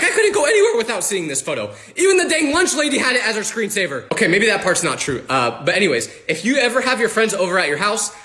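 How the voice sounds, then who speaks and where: A young man telling a comic story from his school days with animated, punchline-driven delivery. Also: high-pitched. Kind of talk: storytime comedy monologue.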